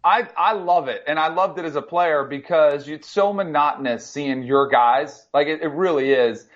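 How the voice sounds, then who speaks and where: A former football player co-hosting a casual sports talk show, telling stories with lots of fillers. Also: male voice, a little high, normal speed, highs cut off. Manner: animated storyteller, many fillers.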